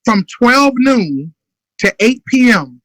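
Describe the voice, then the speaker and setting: A man's voice: very high-pitched, very animated, slow pace, a bit bright, no echo, low-quality recording. A man giving a motivational business talk in an urgent, emphatic way, sometimes acting out sales calls. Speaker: motivational speaker.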